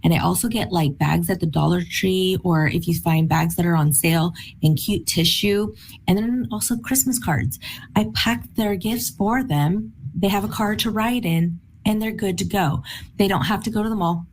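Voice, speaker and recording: A woman teaching a sales training session in a lively, enthusiastic, bubbly way, often with a laugh. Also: fairly low pitch, a little hiss or hum.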